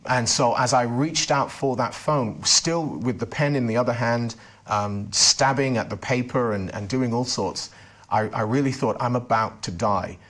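A man's voice: medium pitch, fairly bright tone. A man being interviewed, earnestly recounting a personal testimony and often restarting his sentences. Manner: earnest storytelling with frequent restarts. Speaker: interview guest.

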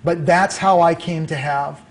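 Animated middle-aged man telling a story. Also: a little high, unhurried. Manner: animated storyteller acting out quoted dialogue. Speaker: author and guest. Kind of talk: storytelling interview.

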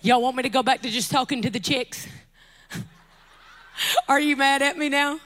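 High bright animated woman preaching. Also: unhurried. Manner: animated, joking asides, shouting climaxes, drops to soft intimate tones. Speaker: guest preacher. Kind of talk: lively sermon. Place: church sanctuary at a pulpit.

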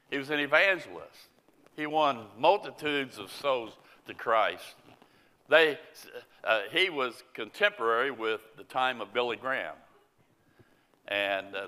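A man preaching a sermon in a slow, earnest way, reading scripture aloud. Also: mid-range voice, sharp tone. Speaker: pastor. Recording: long church reverb.

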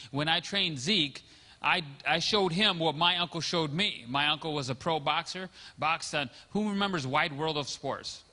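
A middle-aged man preaches in a long, ringing hall, his voice pitched high and bright. He tells stories in his sermon and acts out what each person said. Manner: storytelling, acts out quotes. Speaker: pastor.

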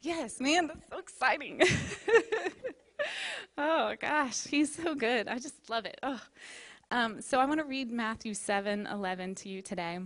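Woman in her thirties, church speaker, animated, laughing, slightly high voice. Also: normal speed. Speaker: church speaker leading the offering. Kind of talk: church offering talk and prayer. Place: church service.

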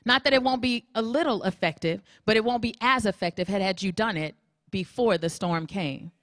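A woman preacher giving a sermon in a lively, humorous way, acting out little dialogues. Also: medium pitch, a little fast, no echo, studio quality. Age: adult with a grown daughter. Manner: animated, humorous, acts out dialogues.

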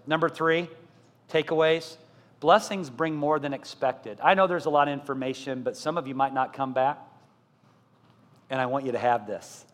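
A middle-aged man preaching a sermon as pastor, asking the congregation questions and building to loud, emphatic repetition. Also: mid-range voice. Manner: asks the congregation rhetorical questions. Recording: long church-hall reverb.

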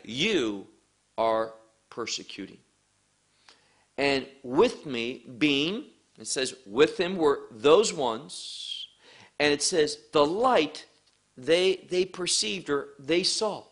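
A man teaching a sermon at a slow, deliberate pace, leaning hard on key words. His voice is bright and a little high, and it swings widely in pitch as he stresses each point. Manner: emphatic, rising and falling for emphasis, slow deliberate phrasing. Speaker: preacher.

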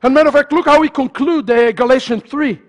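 A male pastor preaching a sermon to his congregation, swinging from loud fervent shouts to hushed, near-murmured lines. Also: very high-pitched, a little fast. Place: congregation's sanctuary.

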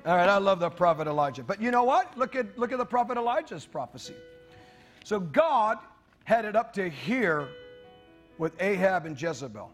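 A man's voice: sits high, very animated, normal speed, faint music behind. A man preaching a sermon in church, reading scripture aloud with joking asides to the congregation. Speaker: pastor.

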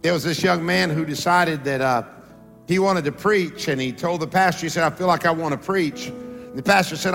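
High, gravelly preacher in a hall. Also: male voice, brisk, a bit bright, faint music behind. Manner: preaching with call-and-response to the congregation; rises and draws out words for emphasis. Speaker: pastor. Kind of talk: sermon. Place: large church sanctuary. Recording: long reverb of a church hall.

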